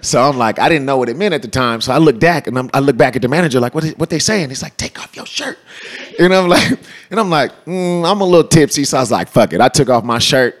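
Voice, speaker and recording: Interview guest, male, 30s, from California; animated slangy storyteller with a middle-pitched voice. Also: quick pace. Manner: animated, slangy, laughs often. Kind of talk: casual storytelling.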